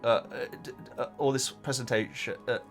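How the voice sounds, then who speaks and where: A young man casually reacting to a book he is reading, rambling and halting, often stopping to laugh at himself. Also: medium pitch, steady tone, fairly bright tone, soft background music.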